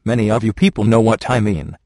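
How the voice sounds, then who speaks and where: A man narrating a first-person memoir, reading in a steady, measured way. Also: on the low side, dry recording.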